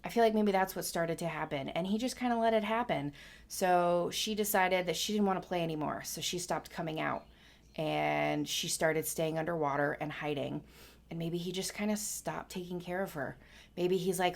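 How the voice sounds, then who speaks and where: A woman's voice: on the low side, normal speed, vocal fry. A woman casually making up a story as she talks, rambling and musing with lots of hedges. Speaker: painting vlogger.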